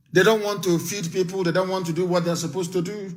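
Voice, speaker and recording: A man's voice: sits high, steady tone, quick pace, hardly any pauses. Fiery Nigerian man giving threatening warnings. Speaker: political activist broadcaster. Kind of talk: live radio broadcast speech.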